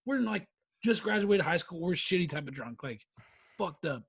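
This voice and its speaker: A tipsy man in his twenties chatting on a podcast. His voice sits high and swings widely in pitch, with a husky edge. He talks in a rowdy, swearing, laughing way. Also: animated, moderate pace. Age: 20s. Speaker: podcast co-host. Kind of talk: casual chat.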